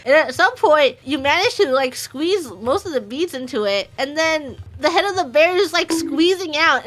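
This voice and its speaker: A woman's voice: very high-pitched, fairly bright tone. A young woman streamer telling funny stories in casual chat, giggling and acting out her friends' lines.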